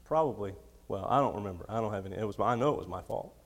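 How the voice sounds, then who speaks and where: A man in his thirties preaching a sermon in a storytelling way, laughing often and swinging between quiet, close moments and loud ones. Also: on the low side, lively intonation, very fast. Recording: long hall reverb.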